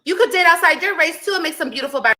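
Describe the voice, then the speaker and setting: A woman's voice: very high-pitched, animated, racing, bright, forceful tone. A woman ranting with brash, taunting, profane talk in a clip.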